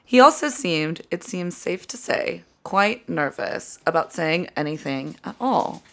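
A woman podcast host reading an interview transcript aloud in the interviewer's part, measured and steady. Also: fairly low pitch. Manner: measured reading, often breaking into laughter.

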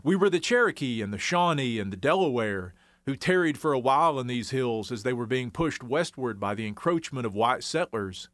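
A man's voice: mid-range voice, lively intonation, normal speed, fairly bright tone, no echo. A man from the Ozarks, giving wry, folksy scripted documentary narration. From Arkansas Ozarks.

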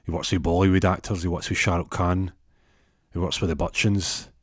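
Low-voiced man spinning a silly tale. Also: fairly even intonation, a little fast, no room sound, studio quality. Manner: rambling, stumbling restarts. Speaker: comedic storyteller. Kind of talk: absurd comic storytelling.

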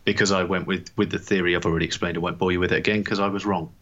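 A man's voice: sits low, flat delivery, very fast, a bit bright, dull audio. A man co-hosting a podcast in casual sports chat, teasing and laughing easily. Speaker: podcast co-host.

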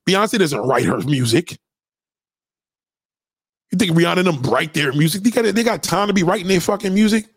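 Preaching at his viewers as if he knows what they won't see, a man rants profanely and with animation, repeating himself for emphasis. His high voice, with a breathy edge, rises and falls widely at a moderate pace broken by long pauses; the vlogger's recording is dry with no room echo.

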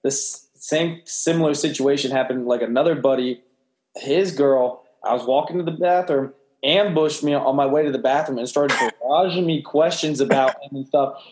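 A man's voice: medium pitch, a little mellow. A young man, a bartender, recounting a bar story in casual chat, offhand and laughing, swearing freely. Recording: roomy echo.

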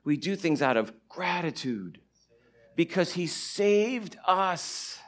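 A man preaching a sermon and teaching from the Bible, animated, swinging between loud stretches and hushed asides. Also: high-pitched, slow pace. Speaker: pastor.

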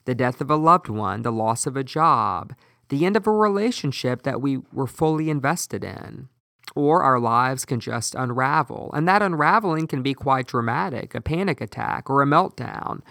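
A man preaching a sermon in a measured, emphatic way, with slow deliberate pauses. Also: mid-range voice, expressive, gravelly, sharp tone, dry recording, studio quality.

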